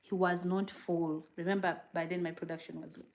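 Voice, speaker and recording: Woman vlogger, casual livestream chat, lively and rambling. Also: lowish voice, a little fast. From Uganda. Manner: animated, rambling, reading viewer comments. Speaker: vlogger and new mother.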